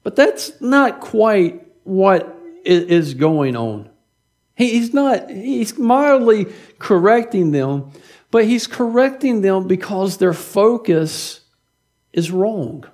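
A man's voice: high-pitched, sing-song, takes it slowly, darkish tone. A middle-aged man preaching a sermon as pastor, in a conversational way, often repeating words and asking "right?".

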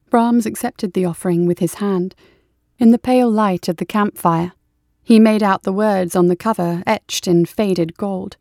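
Steady woman narrating a story. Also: medium pitch, normal speed, no echo, studio quality. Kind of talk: audiobook narration.

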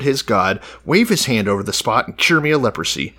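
A man's voice: medium pitch, very animated, a little fast, hardly any pauses, sharp tone. A man co-hosting a casual podcast, easygoing, sometimes reading a passage aloud. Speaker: podcast co-host.

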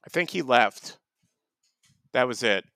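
A man co-hosting a comedy podcast in casual, deadpan banter. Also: medium pitch, slow pace, no room sound. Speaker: podcast co-host.

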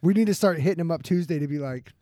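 Wisecracking man in his thirties, high voice. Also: rapid-fire, warm tone, dry recording. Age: 30s. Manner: joking, wisecracking. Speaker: podcast co-host. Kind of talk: casual chat.

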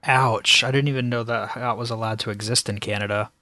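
A man's voice: medium pitch, fairly even intonation, a little fast, bright, forceful tone, no echo. An American man guesting on a podcast, giving short, dry answers in a casual chat. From United States.

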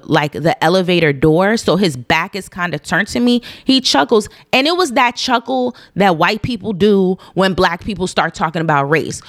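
A woman telling a personal story in a casual, animated monologue, stressing her points by repeating them. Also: on the low side, no echo, studio quality. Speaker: storyteller recounting a personal incident.

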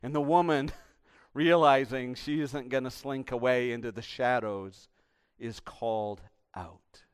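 A man, a pastor, preaches a sermon animatedly, swinging between emphatic bursts and hushed, intimate appeals. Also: medium pitch, fairly even intonation, unhurried, clean tone.

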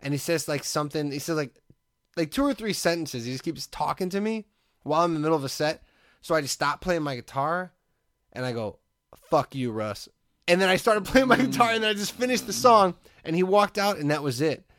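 A podcast co-host in his thirties talks a little fast, his voice slightly high. He's animated and rambling as he spins a story in casual conversation, leaning heavily on "like."

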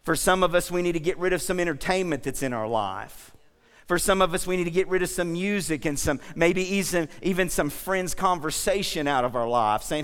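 A man's voice: a little high, moderate pace, clear, resonant tone. A man preaching a sermon as pastor, telling stories and asking the congregation questions. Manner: lively storytelling, asks the congregation questions. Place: church sanctuary. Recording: long hall reverb.

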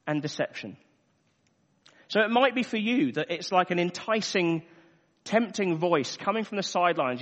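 A man preaching a sermon earnestly, repeating phrases for emphasis. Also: high-pitched. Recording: echoey hall, dull lo-fi sound.

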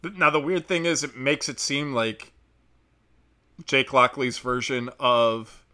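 A man hosts a solo podcast and talks in a loose, profanity-laden rant. His tone is exasperated and sarcastic, and his voice has a bright, forceful edge. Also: mid-range voice, fairly even intonation, slow. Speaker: podcast host.

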